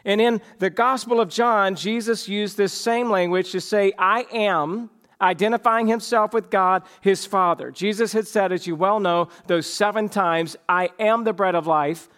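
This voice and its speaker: High-pitched man preaching a sermon. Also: fairly even intonation, a little slow, few pauses, fairly bright tone, clean tone. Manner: emphatic, varies pace for effect. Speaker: pastor.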